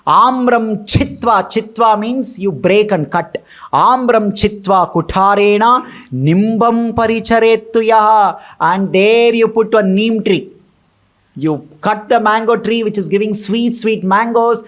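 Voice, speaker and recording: Indian guy teaching scripture, goes verse by verse, keeps asking the crowd questions. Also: high-pitched. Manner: explains verses line by line, asks rhetorical questions. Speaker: temple speaker. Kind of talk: scripture lecture.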